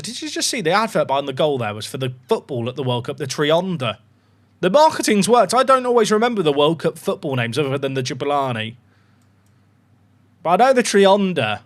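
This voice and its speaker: A young man giving excitable, chatty live commentary while streaming a football management game, swearing casually as he talks to his chat. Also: on the high side. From England.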